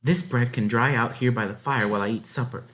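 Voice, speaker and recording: Man playing a polite young girl in a storybook, earnest, a bit higher. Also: fairly even intonation, fairly quick, a bit bright, a little hiss or hum, lightly acted.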